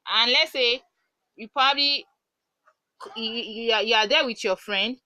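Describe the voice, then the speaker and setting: Woman teaching french, kinda high bright voice, says words over and over slowly. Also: dry recording, low-quality recording. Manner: patient, repeats words slowly for pronunciation. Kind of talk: online language lesson.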